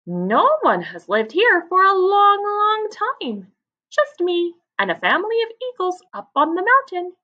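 Woman doing a squeaky, friendly lizard man for a picture book, high and lively. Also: unhurried, muffled recording, heavily acted. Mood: welcoming.

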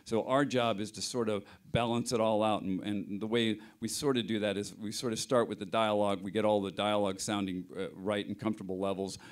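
A man's voice: on the low side, fairly even intonation, brisk, few pauses. A middle-aged man, a film sound mixer, explaining his work at a panel interview, hesitant with many restarts.

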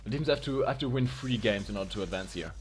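A man's voice: lowish voice, lively intonation, soft background music. A man commenting live on a video game match with playful, joking banter. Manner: playful, jokey, fast banter. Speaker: esports commentator.

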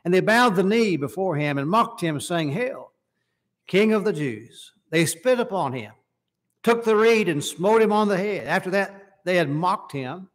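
Preaching during a church service, this man speaks a little slowly in a high, expressive voice. He reads passages of scripture in King James language and asks his hearers questions.

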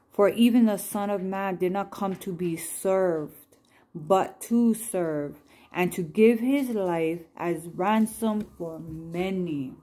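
A woman chatting gently through scripture cards at home, reading verses and prayers aloud and apologizing with a laugh. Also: lowish voice. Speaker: Christian vlogger sharing scripture cards. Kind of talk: casual devotional chat with read-aloud scripture and prayers.

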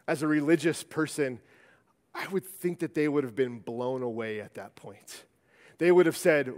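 A man's voice: a little high, moderate pace, darkish tone. A man preaching a sermon in a church sanctuary, in a conversational style that often restarts and repeats words. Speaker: pastor. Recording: long church-hall reverb.

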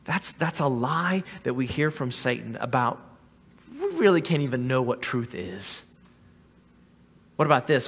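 A man's voice: mid-range voice, animated, unhurried, pauses often, fairly bright tone, slightly rough, big-room sound. A man preaching as a pastor in a church sanctuary, earnest and often repeating or restarting his words. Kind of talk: sermon.

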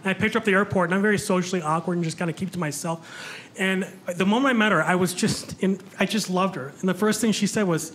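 High-voiced man doing stand-up. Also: fast, a bit bright. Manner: chatty, self-mocking, talks with the crowd. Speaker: stand-up comedian. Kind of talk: stand-up comedy set. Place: comedy club stage before a live audience. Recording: live club recording with audience noise.

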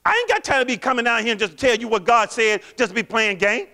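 A man putting on the voice of an exasperated male angel who talks with street attitude, high and brash. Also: big pitch swings, fast, creaky, bright, forceful tone, heavily acted.

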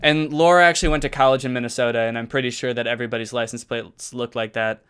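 A man streaming from a carpeted room at home, chatting casually with his viewers while he plays, and bursting into loud exclamations when he gets excited. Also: mid-range voice, fast talker, clean tone. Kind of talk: casual live-stream chat while gaming.

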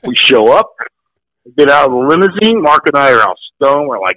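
A man in his sixties, an actor guest, telling profane, animated stories in casual chat. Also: medium pitch, brisk, no echo, rough recording. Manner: profane, animated, acts out quotes. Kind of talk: casual storytelling.

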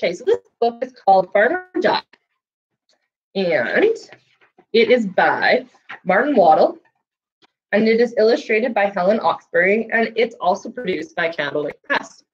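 A woman reads picture books to young children in an unhurried, animated way, stopping to quiz her listeners. She has a slight cough now and then. The recording sounds muffled and lo-fi. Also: mid-range voice. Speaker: children's library storyteller.

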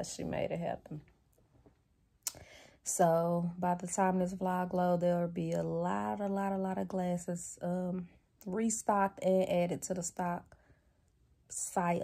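Husky-voiced woman vlogging bluntly. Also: fairly low pitch, dark tone. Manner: blunt and chatty, swears freely; laughs often while talking. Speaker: lifestyle vlogger. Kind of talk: casual chat to camera.

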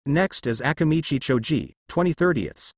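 A man reading as a brisk ninja teacher. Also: fairly high pitch, lively intonation, breathy edge, no echo, clean studio sound. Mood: announcing. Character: friendly adult male ninja teacher.

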